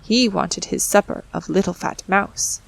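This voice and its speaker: A woman reading a children's storybook aloud with an expressive, acted-out delivery. Her mid-pitched voice is gravelly and a little husky, and she keeps the telling gentle and even. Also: a little slow, poor audio. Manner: expressive, acts out voices and sounds. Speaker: audiobook narrator.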